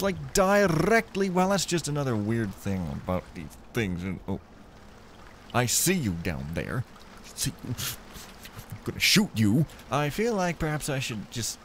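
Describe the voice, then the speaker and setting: A man's voice: on the low side, slight background noise. A man giving casual, rambling commentary while playing a stealth game, joking to himself as he goes. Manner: playful, rambling, jokey asides. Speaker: let's play gamer.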